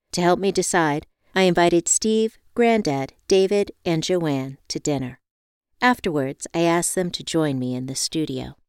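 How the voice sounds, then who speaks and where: A woman narrating an audiobook in the first person, with calm, measured storytelling. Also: on the low side, clear, resonant tone, no echo, studio quality.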